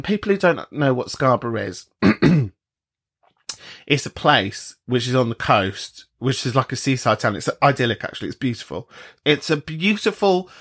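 A British man hosting a podcast, chatting casually and swearing freely, often jumping into high mocking voices. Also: fairly bright tone. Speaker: podcast host. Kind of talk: casual chat.

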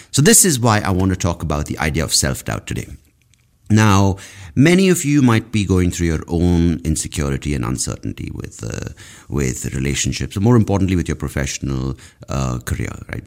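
A man's voice: very deep voice, creaky. A young man who hosts a podcast as a comedian, talking in a dry, rambling, self-mocking monologue. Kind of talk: casual comic monologue.

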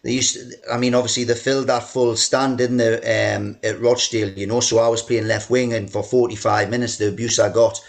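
A man yarns away as a podcast guest about his football days. He talks in a loose, chatty way, full of "you know" and "like", and now and then puts on a boss shouting down the phone. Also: mid-range voice, little pitch movement, brisk, vocal fry, hardly any pauses. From England. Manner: mimics a shouting chairman in quoted lines. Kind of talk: casual storytelling interview.

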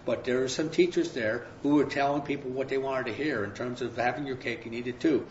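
A man's voice: mid-range voice, a little fast, slight background noise. Casual man preaching in a roomy space. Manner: casual storytelling with slang asides. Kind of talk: sermon. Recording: roomy, dull sound.

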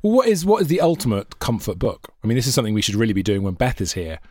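A man's voice: medium pitch, sing-song, racing, a little mellow, no echo, clean studio sound. Wry jokey man on a call. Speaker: podcast co-host. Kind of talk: casual chat. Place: home, on a voice call.

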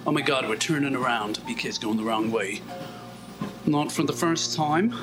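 A man's voice: medium pitch, moderate pace, over music, low-quality recording. A man vlogging in a wry, self-mocking, rambling way as he comments on a walking video. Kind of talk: casual commentary while watching a walk video.

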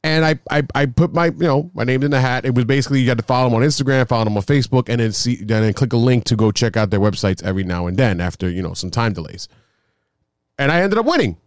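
A young man hosting a casual podcast, talking in a loose, self-mocking way that stumbles over words and then gets excited. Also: medium pitch, fast talker, no echo, clean studio sound. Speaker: podcast host.

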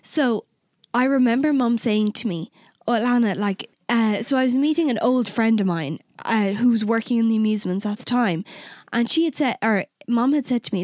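A young woman with a fairly high voice tells a personal story in relaxed podcast chat. She is candid, swears freely and acts out both sides of remembered conversations. The sound is close and dry. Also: normal speed, no room sound. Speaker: podcast co-host.

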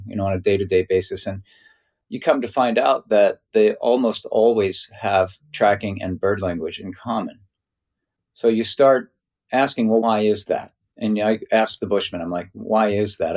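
A man telling stories as an interview guest, loose and conversational, acting out other people's voices with big jumps in pitch. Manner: loose, conversational, many "you know" and "right". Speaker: interview guest, nature mentor.

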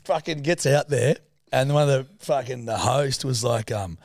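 A man's voice: medium pitch, a little fast, a little mellow, dry recording, studio quality. A man in his thirties with an Australian accent, telling a rowdy story in casual chat, swearing freely and acting out the voices of the people in it. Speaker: podcast co-host.

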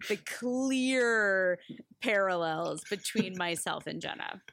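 A woman's voice: mid-range voice, animated, slow, creaky, a bit bright, a little hiss or hum. A woman co-hosting a podcast, chatting enthusiastically and laughing often. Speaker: podcast co-host. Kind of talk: casual chat.

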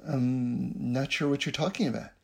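A man voicing a rabbi's wife who stays calm and deadpan. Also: medium pitch, normal speed, gravelly, husky, voice pushed down.

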